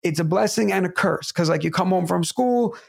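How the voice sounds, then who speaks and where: A man who co-hosts a podcast, telling stories in a fairly high, gravelly voice. He talks in a casual, animated way, mimicking other people and dropping the odd curse. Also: a little fast. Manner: animated, acts out neighbors' voices, swears casually. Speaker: podcast co-host. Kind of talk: casual storytelling chat.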